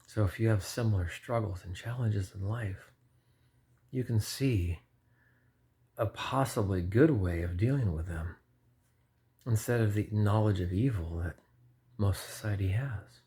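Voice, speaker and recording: Man in his 40s, deep husky voice, earnest lay preacher, rambling testimony, self-correcting. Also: unhurried, long pauses, dark tone. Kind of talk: informal personal testimony.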